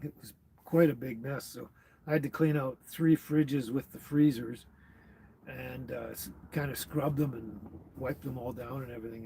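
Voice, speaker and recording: A man's voice: medium pitch, darkish tone, a little hiss or hum. A man hosting a casual livestream, rambling with many fillers as he answers viewer comments. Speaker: livestream host. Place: tiny house on wheels. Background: dog barking.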